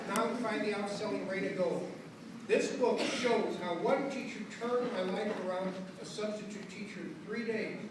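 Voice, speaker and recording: An older man giving a lecture, telling his life story in an animated way and acting out the people in it with Spanish phrases mixed in. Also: sits high. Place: lecture hall. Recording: echoey hall from far off with background noise.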